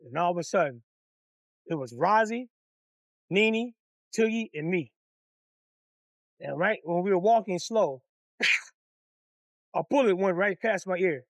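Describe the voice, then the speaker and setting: A man from Detroit telling a personal story in casual, profane storytime narration, animated and acting out the people in it. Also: high voice, slow pace, pauses often, dry recording. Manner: animated, profane, acts out voices.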